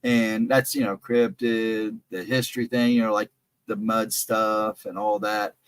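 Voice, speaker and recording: A man's voice: on the low side, flat delivery, unhurried, clean tone, no echo. A man hosting a casual livestream chat, rambling and easygoing, often laughing. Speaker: host.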